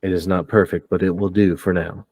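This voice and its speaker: A man voicing a calm, resolute young woman in a tabletop game, speaking in a measured, even way. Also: deep voice, dry recording.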